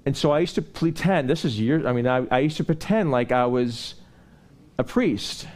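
A man preaching a sermon, telling personal stories in a rambling, conversational way and building into animated preaching. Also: mid-range voice, normal speed.

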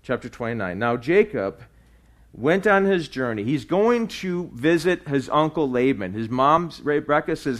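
A man's voice: fairly high pitch, big pitch swings, unhurried. A man preaching a verse-by-verse sermon in a conversational way, with frequent fillers and restarts and repeated "right?" checks. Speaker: pastor. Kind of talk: sermon teaching through scripture.

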